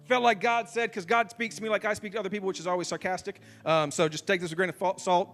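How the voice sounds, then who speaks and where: A male pastor in his thirties preaching from a church stage, his voice sitting high for a man. He talks in an animated, self-mocking way and acts out little exchanges, while soft guitar music plays faintly behind him. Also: fast. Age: 30s. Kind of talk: sermon.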